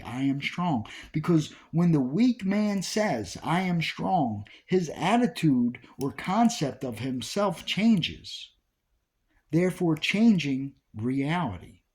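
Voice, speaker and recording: A man's voice: a little high, a little mellow. A man giving an informal Bible study talk, repeating key phrases with emphasis as he preaches. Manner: repetitive, emphatic preaching with restarts.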